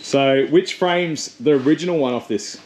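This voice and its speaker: A man's voice: fairly high pitch, moderate pace, a little mellow, slight background noise. A man with an Australian accent, chatting and joking casually while working on a car in his shed. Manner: jokey, teasing, chatty. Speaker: channel host. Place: home shed workshop.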